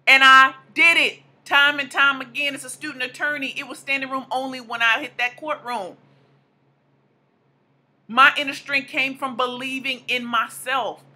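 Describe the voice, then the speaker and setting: Motivational speaker, woman in her thirties, high and sharply bright voice, emphatic and repetitive. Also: fairly even intonation, moderate pace. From American South / Midwest. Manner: emphatic, repeating lines for punch. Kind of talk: motivational speech.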